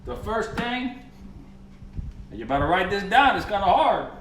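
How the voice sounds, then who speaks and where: A man with a Cajun accent hosts a home cooking video and tells folksy jokes along the way. His voice sits a little high and jumps around with lively pitch. The kitchen sounds echoey, with a faint hum behind it. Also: measured pace. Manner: folksy, joking storyteller. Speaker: cooking show host.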